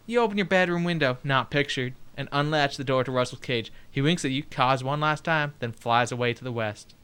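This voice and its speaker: Lively, bright-voiced gameplay commentator. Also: medium pitch, normal speed, clean tone. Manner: reads on-screen game text aloud with joking asides; chatty, swears and laughs, talks to viewers. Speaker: let's play host.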